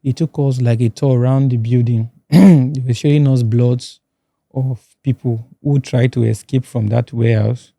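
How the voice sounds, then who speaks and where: A Nigerian-accented man telling his own story in a halting, restarting way. His voice is very mellow and dark, at a middle pitch. The recording is dry and close, as in a podcast studio. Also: fairly even intonation, gravelly, dry recording. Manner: halting, restarts and repeats words. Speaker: guest. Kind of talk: personal testimony in a podcast interview.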